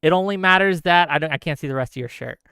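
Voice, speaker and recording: A man's voice: on the high side, fast talker, gravelly, sharp tone, clear, resonant tone, no room sound, clean studio sound. A man hosting a live call-in show, heated and argumentative, ranting at length.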